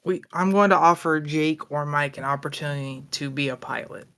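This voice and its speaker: A young man hosting a podcast, with a bright, forward voice pitched a bit high. He runs the segments casually and swears freely. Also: moderate pace, clean tone. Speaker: podcast host.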